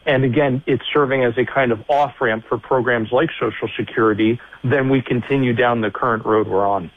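A man's voice: mid-range voice, fairly even intonation, fairly quick, phone-quality sound. A man joining a radio show as a guest, explaining policy in an assertive, lecturing way. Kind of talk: commentary on a call-in line.

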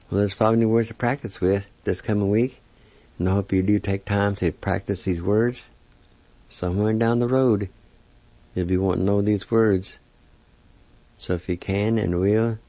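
Slow, deep-voiced man teaching words. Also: warm tone, dry recording. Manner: patient, spells out sounds syllable by syllable. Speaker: language teacher. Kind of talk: slow spoken word lesson. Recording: dull lo-fi recording.

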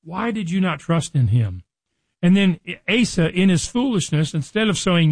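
A man's voice: on the high side, lively intonation, normal speed, darkish tone, dry recording. Earnest man teaching Bible on radio. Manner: earnest, conversational, acts out voices in quotes.

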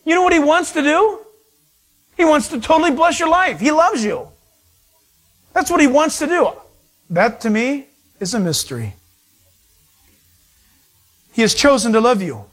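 Male pastor, higher register, animated storyteller who mimics voices while preaching. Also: normal speed, long pauses. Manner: animated storytelling, acts out voices of people he met. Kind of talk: sermon.

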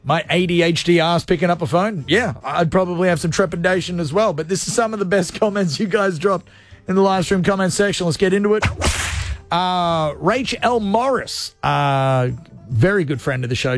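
A man hosts a casual radio show with loose, cheeky banter. His voice sits notably high. Faint music runs underneath. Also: moderate pace. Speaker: radio host.

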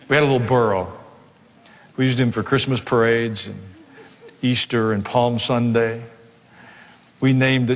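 A middle-aged pastor preaching a sermon, conversational, with asides and dry humor. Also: male voice, medium pitch. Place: church sanctuary. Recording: long reverb of a hall.

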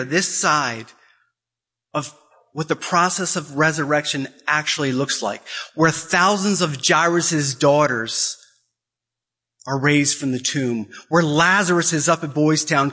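A man delivering an emphatic, impassioned sermon-style talk. His voice is bright and forceful and sits a little high for a man. He repeats key phrases and leaps upward in pitch in bursts. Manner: acts out quoted voices. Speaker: Catholic speaker.

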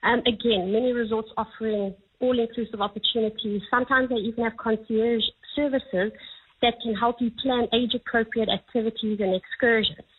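A woman's voice: on the high side, steady tone, normal speed, husky. A woman giving travel advice as a radio guest, friendly and full of fillers. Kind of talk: phone-in radio interview. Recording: tinny phone line.

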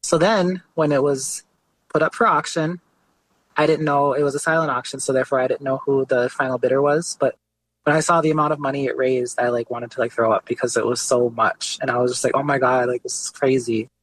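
A man's voice: medium pitch, fairly quick, no echo. Young guy artist chatting loosely, lots of likes and you knows, medium voice. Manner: relaxed, conversational, many fillers like "like" and "you know". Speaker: guest artist. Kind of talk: casual interview storytelling.

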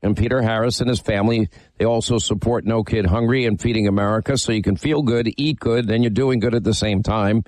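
A man's voice: lowish voice, steady tone, brisk, darkish tone, dry recording. Chatty man hosting talk radio. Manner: chatty, rambling, with frequent fillers. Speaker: radio talk show host. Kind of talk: casual radio talk and live ad read.

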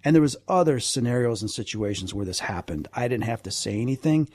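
Husky-voiced man telling stories. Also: medium pitch, a little fast, no echo. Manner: animated anecdotal storytelling with frequent asides. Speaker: guest. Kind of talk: storytelling in a conversation.

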